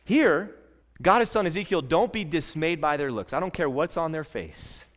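A man's voice: on the high side, animated, moderate pace, fairly bright tone, in a large hall. A man preaching a sermon as pastor, earnest and conversational, often repeating words as he restarts a thought.

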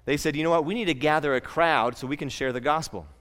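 A man's voice: fairly high pitch, fast talker, a bit bright, smooth, big-room sound. A man preaching a sermon as pastor, earnest and conversational, often repeating words as he restarts a thought.

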